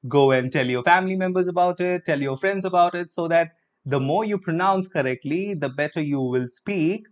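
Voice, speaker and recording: A man with an Indian English accent teaching a live English pronunciation lesson. He breaks words into syllables, has the class repeat each word with him, and slips in Hindi words like "chalo.". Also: on the high side. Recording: dull lo-fi sound.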